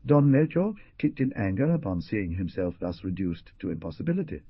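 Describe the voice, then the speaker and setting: Husky low-voiced man narrating. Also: big pitch swings, a little fast, hardly any pauses, dry recording, highs cut off. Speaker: audiobook narrator. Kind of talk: scripted narration.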